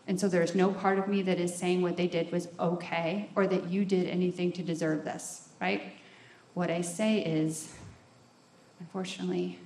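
A woman's voice: lowish voice, a little mellow, a little hiss or hum. A woman talking frankly and with self-mocking humor about recovery, often tagging lines with "right?". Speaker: recovery program speaker. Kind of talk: candid talk on recovery. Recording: roomy echo, faint ambience.

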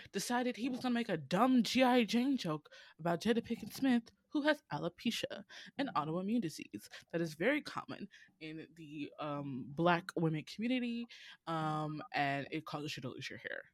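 Speaking at medium pitch and a moderate pace with no room sound, a Southern-accented woman from Georgia hosts a podcast. She spins casual, profane, dramatic stories in an animated way, her voice swinging widely.

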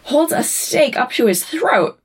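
A woman's voice: sits high, sing-song, measured pace. A woman casually recapping a TV episode, acting out the characters' lines and laughing often. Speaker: podcast co-host recapping an episode. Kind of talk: casual chat.

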